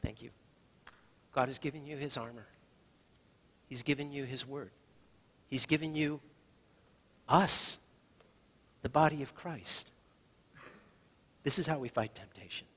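Husky pastor preaching in a reverberant hall. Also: male voice, mid-range voice, measured pace, pauses often. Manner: storytelling with shifts between loud and soft. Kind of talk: sermon.

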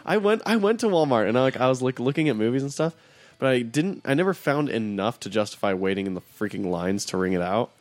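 A man co-hosting a casual podcast chat, enthusiastic and quick to laugh. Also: mid-range voice, lively intonation, no echo.

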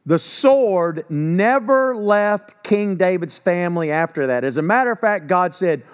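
A man's voice: high-pitched, animated, a little slow, hardly any pauses, clean tone. Emphatic, conversational male preacher. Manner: conversational and emphatic, asking rhetorical questions; acts out quoted speech in a casual voice. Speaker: pastor. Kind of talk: sermon.

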